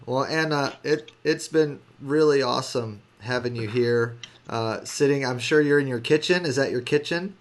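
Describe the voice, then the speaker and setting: A man's voice: mid-range voice, normal speed, hardly any pauses. A man hosting a casual video call, speaking in an easygoing, affirming way. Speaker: host.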